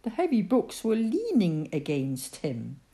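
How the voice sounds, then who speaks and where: Expressive woman reading a children's story. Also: lowish voice, a little slow. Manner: expressive, dramatic narration. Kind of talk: children's story read-aloud.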